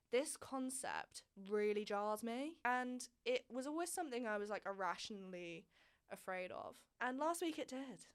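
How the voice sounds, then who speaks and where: A woman's voice: mid-range voice, clean tone. A young woman in her twenties, telling a frank personal story in a candid, chatty way with plenty of swearing and emphasis. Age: 20s. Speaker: vlog host.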